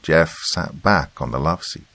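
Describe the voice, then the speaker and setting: A man's voice: a bass voice, measured pace, creaky, pushed and bright, no echo. A man narrating a first-person story in a wry, matter-of-fact way.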